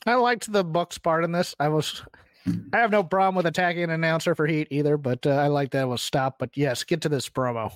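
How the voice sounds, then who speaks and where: A man's voice: on the high side, a little fast, clear, resonant tone, no echo. Man in casual podcast banter, dry sound. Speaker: podcast co-host. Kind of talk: casual wrestling talk.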